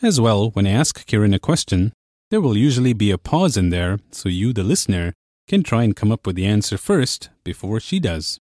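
A young man hosts a language lesson, explaining each point in a clear, measured way. His voice sits on the low side and sounds dry and close, with no room around it. He delivers it like scripted narration. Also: sing-song, darkish tone, no room sound. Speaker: language course host.

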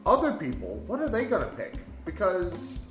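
A man co-hosting a casual chat, argumentative and animated, his voice jumping up when he insists on a point. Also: high voice, normal speed, echoey room, music in the background. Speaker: podcast co-host.

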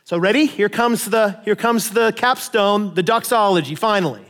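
A male pastor preaching a lively, conversational sermon with casual asides. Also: high voice, moderate pace, big-room sound. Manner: animated, conversational preaching with asides and paraphrased voices.

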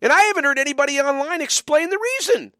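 A very high, sharp-toned voice belongs to a middle-aged man hosting a late-night call-in radio show, who also pastors a biker church. He talks fast and playfully, rambling with many fillers and restarts and adding mock-drawling asides. The recording is studio quality, with no room sound.

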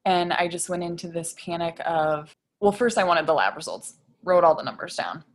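Woman, 30s, lower-pitched voice, podcast guest, emotional personal story, lots of "like" fillers. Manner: frequent "like" fillers, rushed retelling.

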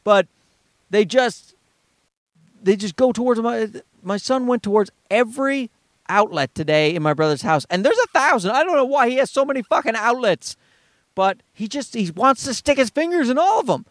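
On a dry recording, a man in his thirties speaks at normal speed in an animated way. He rambles through profane stories in a casual monologue, acting out quoted people in a high voice.

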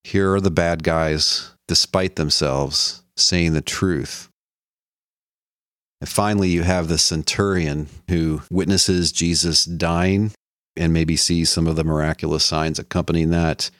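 A man with a low, deep voice lectures in an easy, conversational way. He walks the listener through a text and lifts his voice for quoted lines. The sound is close and dry, with no room around it. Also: fairly even intonation, measured pace, a bit bright, no room sound. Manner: conversational teaching, quoting scripture with a lifted voice. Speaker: lecturer on the Bible. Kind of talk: explanatory lecture.

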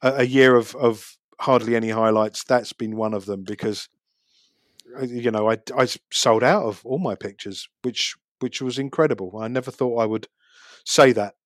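A man's voice: medium pitch, normal speed, no echo. Guy chatting away, trips over his words a bit, dry sound. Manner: chatty, rambling, frequent restarts. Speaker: street photographer, podcast guest. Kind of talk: casual chat.

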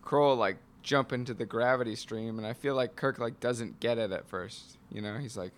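A mid-pitched man in casual conversation. He is agreeable and chatty, and his sentences are filled with "like" and "yeah". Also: moderate pace. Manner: agreeable, many yeahs and likes. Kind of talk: casual movie chat.

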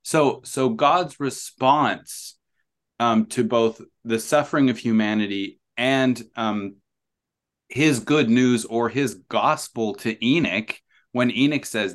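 A man as a podcast guest, explaining his ideas thoughtfully with many pauses, ums and restarts. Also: medium pitch. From New Zealand. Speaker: author and guest. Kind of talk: conversational podcast interview.

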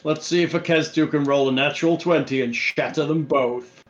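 A man's voice: a little high, steady tone, moderate pace. Laid-back man running a tabletop game. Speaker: game master. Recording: dull lo-fi audio.

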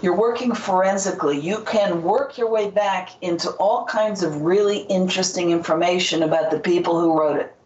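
A woman's voice: lowish voice, moderate pace, few pauses, a little mellow. A woman author being interviewed, talking in a rambling, hesitant way with many fillers, over a remote call. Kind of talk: casual interview talk. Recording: distant, roomy, dull audio.

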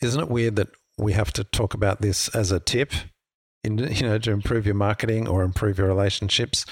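Chatty man, low voice. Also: no room sound. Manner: chatty, explains with examples. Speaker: podcast co-host. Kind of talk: casual marketing podcast chat.

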